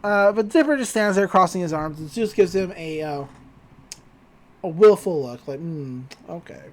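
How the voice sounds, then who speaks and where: A man co-hosting a podcast, casually recapping a cartoon episode with animated energy. His pitch sits in the middle but swings widely as he tells the story. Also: normal speed. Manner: animated retelling, quotes characters in put-on voices, laughs often. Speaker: podcast co-host.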